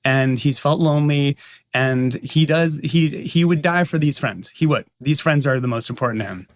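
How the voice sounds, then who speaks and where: Earnest higher-voiced male co-host. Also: moderate pace. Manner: earnest, analytical, many restarts. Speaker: podcast co-host, former writer. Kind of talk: casual podcast chat.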